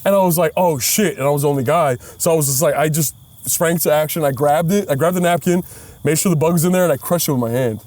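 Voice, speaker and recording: A man co-hosting a casual comedy podcast, telling a story in an animated way and acting out quoted voices. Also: a little high, quick pace. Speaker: podcast co-host.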